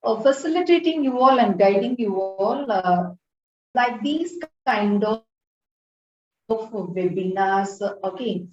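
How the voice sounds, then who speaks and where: A woman's voice: mid-range voice, lively intonation, lo-fi sound. Encouraging woman on a distant, roomy call. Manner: earnest, encouraging, with many filler pauses. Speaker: student branch counselor giving an address. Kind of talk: formal webinar address. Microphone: video call.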